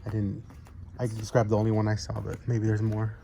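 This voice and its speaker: A man's voice: on the low side, completely flat delivery, brisk, gravelly, mellow. A man vlogging at garage sales, chatting casually and haggling with sellers. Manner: friendly, bargaining, laughs easily. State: out of breath. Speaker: reseller vlogger. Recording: noisy outdoor street recording.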